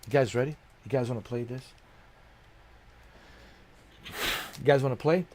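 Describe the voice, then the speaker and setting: A man's voice: medium pitch, unhurried, darkish tone, slight background noise. A middle-aged man streaming games, ranting bluntly and profanely in a preachy tone. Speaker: gaming streamer. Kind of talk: livestream rant.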